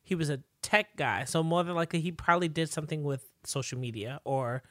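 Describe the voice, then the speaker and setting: A woman's voice: sits low, fairly quick, a bit bright, dry recording, clean studio sound. A woman co-hosting a casual podcast recap, rambling and speculating with many fillers. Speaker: podcast co-host.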